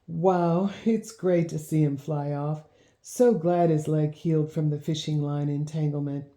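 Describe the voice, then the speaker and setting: An eager young boy, bold and quick to shout when he is thrilled, as a woman reads him out. The voice sits low and mellow, and the reading is heard in a roomy, echoey space. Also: steady tone. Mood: easygoing. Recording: roomy echo.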